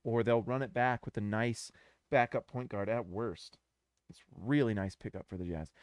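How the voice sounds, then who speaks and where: A man's voice: fairly low pitch, steady tone, moderate pace, dry recording, studio quality. A man hosting a casual live reaction stream, talking to his viewers in an effusive way and repeating himself often.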